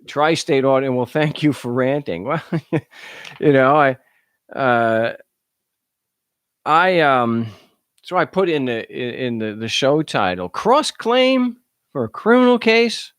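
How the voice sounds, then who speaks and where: Animated sarcastic male talk-show host. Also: mid-range voice, takes it slowly, long pauses, smooth, no room sound, clean studio sound. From United States. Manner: animated, sarcastic, repeats words when starting sentences. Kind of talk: casual call-in show monologue.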